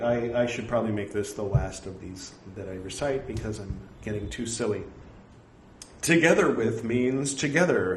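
A man reciting scripture aloud, reading out the punctuation and breaking off for joking, apologetic asides. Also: fairly low pitch. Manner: reads punctuation aloud, wry self-mocking asides. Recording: echoey room with faint ambient noise.

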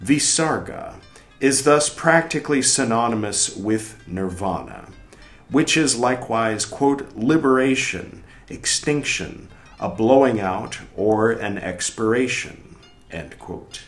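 A man with a medium-pitched, expressive voice reads aloud slowly and deliberately from a text on Buddhist mantras, pausing for small asides commenting on it. The recording has a roomy echo with faint music in the background.

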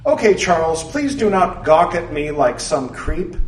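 A woman's voice: sits low, very animated, a little slow, slight background noise, pitched above the performer's own voice. A man reading a story voices a blunt young woman who speaks in old-fashioned thee-and-thou English. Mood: curt, urgent. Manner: archaic thee-and-thou speech, curt. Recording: roomy, distant mic.

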